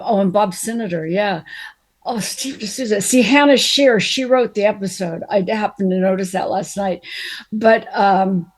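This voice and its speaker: Older woman chatting away, rambling story after story, loses her place now and then. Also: medium pitch. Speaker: actress guest recalling a past role. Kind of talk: casual reminiscing conversation.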